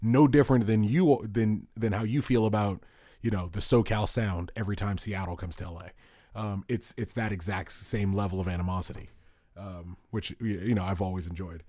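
A man's voice: fairly low pitch, steady tone, normal speed, mellow, no echo, studio quality. A man co-hosting a podcast, telling stories in a rambling, self-interrupting way and laughing at his own tales. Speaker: podcast co-host. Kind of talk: casual storytelling chat.

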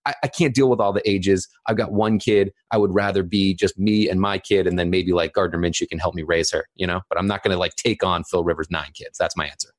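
A man's voice: low-pitched, fairly even intonation, fast talker, hardly any pauses. A man in his thirties co-hosting a podcast, running through a list with dry jokes. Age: 30s. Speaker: podcast co-host. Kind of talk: casual podcast chat.

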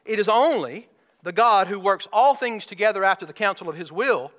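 A man's voice: high voice, animated, fairly quick, a bit bright. A man preaching a sermon as a pastor, stretching out key words and firing rhetorical questions at his congregation. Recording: hall reverb.

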